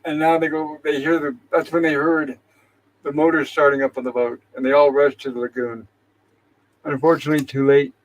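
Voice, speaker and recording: Guy host chatting through an old episode, slightly higher voice, reads out the lines. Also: flat delivery, brisk, slight background noise, poor audio. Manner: retells scenes and reads character lines aloud. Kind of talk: casual episode recap.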